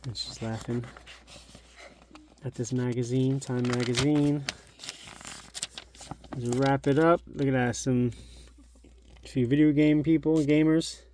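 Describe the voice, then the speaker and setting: A man's voice: medium pitch, fairly even intonation, slow, pauses often, darkish tone, a little hiss or hum. A middle-aged man hosting a collectibles channel, chatting casually and nostalgically as he shows an old magazine at home. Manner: chatty, nostalgic, thinks aloud. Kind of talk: casual show-and-tell narration.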